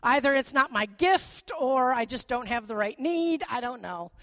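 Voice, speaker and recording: A middle-aged woman pastor giving a sermon in a conversational, animated way, with playful asides. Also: high-pitched, moderate pace.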